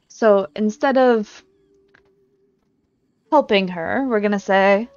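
A woman's voice: mid-range voice, takes it slowly, pauses often, clear, resonant tone. A woman streaming a game, commenting wryly and reading her dialogue choices aloud. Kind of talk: gameplay commentary. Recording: slightly dull recording with game music.

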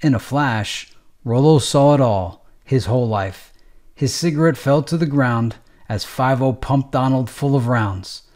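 A man's voice: medium pitch, unhurried, darkish tone. Man narrating a gritty street novel. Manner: streetwise, profane, matter-of-fact reading. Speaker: audiobook narrator.

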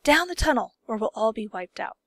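A woman's voice: high-pitched, brisk, no echo, studio quality, voice pushed up. James, an eager young boy, read by a woman. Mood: urgent. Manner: urgent and excited. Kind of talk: storybook character voice.

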